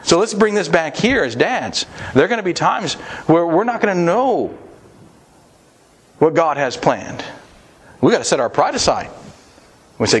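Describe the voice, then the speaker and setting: A man's voice: fairly high pitch, very animated, normal speed, pauses often, husky. A man preaching a sermon to fathers, earnest and plain-spoken, acting out quoted prayers as he teaches.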